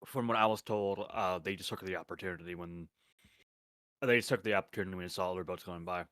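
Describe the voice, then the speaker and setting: A man with a lowish voice, recorded close and dry with no room sound. He chats casually, rambling and restarting his sentences as he explains things. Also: quick pace, a bit bright, no room sound. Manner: rambling, restarts sentences, talks while eating. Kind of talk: casual chat.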